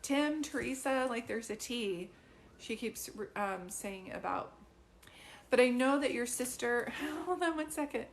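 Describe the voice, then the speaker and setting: A young woman with a slightly high voice gives a live reading to one viewer. She talks in a drowsy, halting way, with many fillers and restarts. She is emotional throughout. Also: animated, a little hiss or hum. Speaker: psychic medium.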